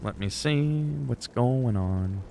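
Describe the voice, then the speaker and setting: A man's voice: lowish voice, animated, slow pace, warm tone, slight background noise. A man streaming games, chatting in a rambling, joking way with some swearing. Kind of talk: casual chat while gaming.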